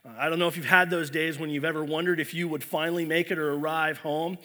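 A man preaching a sermon in a church with a bright, forceful voice pitched a bit high. He tells his story earnestly, often restarting his phrases. He sounds a little unwell. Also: flat delivery, fast. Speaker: pastor.

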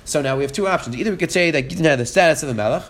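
A man's voice: a little high, rapid-fire, a bit bright. A man giving a Torah lesson, reading Hebrew verses aloud and then explaining them in English, often repeating his points. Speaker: Torah teacher.

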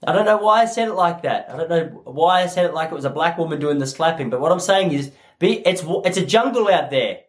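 A stand-up in his thirties riffs alone on his podcast. His voice sits a touch high and leaps up and down with animated energy. He is self-mocking and loose, and he drops in little character voices. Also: brisk, hardly any pauses. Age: 30s. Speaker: comedian and podcast host. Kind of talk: solo comedy podcast monologue.

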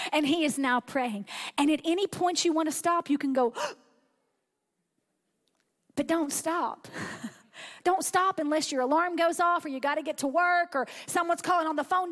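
A woman preaching a sermon in a conversational, animated way, acting out the inner voices of her listeners. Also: sits high.

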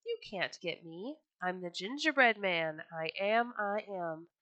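Woman voicing gingerbread boy, cheeky, boastful, sing-song taunting, bright tone. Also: medium pitch, expressive, unhurried, dry recording, dull audio.

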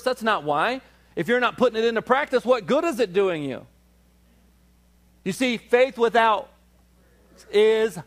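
A man preaching with a voice that sits a little higher than most men's. He surges upward and louder on rallying calls to his congregation, then eases into a slower, steady teaching voice when he walks through scripture word by word. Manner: preaching, rising in pitch and volume on emphatic calls, slowing to explain scripture. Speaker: pastor. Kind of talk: sermon.

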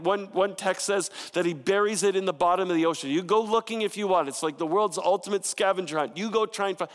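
A man's voice: sits high, brisk, big-room sound. A man in his thirties preaching a sermon as a pastor, conversational and storytelling with playful asides.

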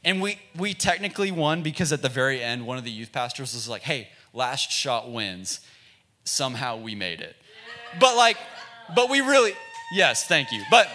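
A man with a bright, forceful voice tells a sermon story in a relaxed, self-mocking way. He talks like a youth pastor chatting with friends, loose and full of filler words. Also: on the high side, brisk.

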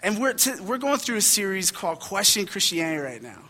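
A man's voice: sits high, big pitch swings, fast, pushed and bright, long reverb tail. A young man preaching a sermon as a pastor, talking in a casual, conversational storytelling way with frequent fillers. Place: church hall.

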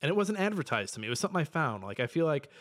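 Profane, excitable young man ranting. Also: fairly high pitch, very fast. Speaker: podcast co-host. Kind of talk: casual podcast rant.

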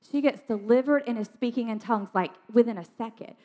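A woman telling a lively testimony story in a chatty way, with lots of fillers and laughter. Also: fairly high pitch, a little fast, in a large hall. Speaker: ministry speaker sharing testimony.

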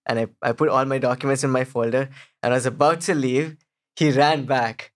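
A young man, a guest, telling a personal story in casual chat, animated and quoting others as he goes. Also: medium pitch, fairly quick. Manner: animated, quotes others in acted voices.

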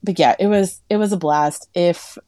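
A woman's voice: normal speed, no echo, studio quality. A woman co-hosting a podcast, chatting casually and telling stories, acting out what people said with big jumps in her voice. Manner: chatty storyteller, acts out quotes with animated pitch jumps. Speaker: podcast co-host. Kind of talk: casual chat.

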